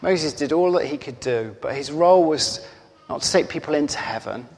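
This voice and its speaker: A man preaching a sermon, telling a story slowly and earnestly, sometimes dropping to near-whispers. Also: fairly high pitch, a little mellow. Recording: long hall reverb.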